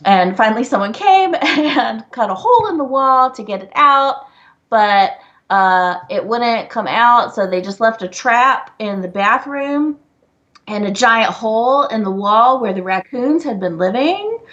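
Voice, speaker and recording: A woman's voice: unhurried, highs cut off. A woman co-hosting a casual live Q&A stream, telling stories and laughing often. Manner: animated storyteller, laughs often, jumps high in quoted bits. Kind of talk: casual chat.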